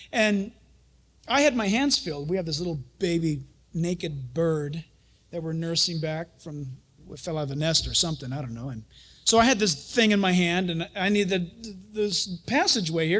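A pastor and Bible teacher giving a sermon, telling stories in an animated way, chuckling often and acting out quotes. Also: male voice, sits high, a little slow.

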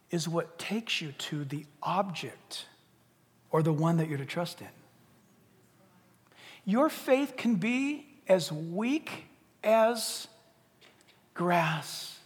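Animated older man preaching, high voice. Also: slow, pauses often. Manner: animated, swings from hushed to shouting. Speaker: pastor. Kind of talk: sermon. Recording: long hall reverb.

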